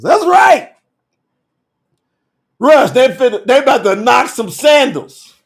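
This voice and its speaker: High-voiced, lively man teaching scripture. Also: slow, husky. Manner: animated, colloquial, laughing, calls out viewers by name. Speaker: bible teacher. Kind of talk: excited scripture teaching on a livestream.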